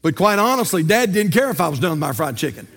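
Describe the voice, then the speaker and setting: A man's voice: sits high, very animated, quick pace, gravelly, fairly bright tone. Man, older, pastor, sermon, folksy storytelling, rhetorical questions, reverberant church hall. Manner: folksy, asks rhetorical questions and tells stories.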